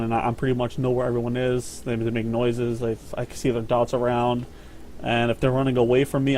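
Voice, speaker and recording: Dude rambling about a game on a podcast, swears a lot, trips over words, bit of hiss behind him. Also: male voice, mid-range voice, darkish tone. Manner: rambling, profane, repeats words. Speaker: podcast host. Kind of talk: casual gaming chat.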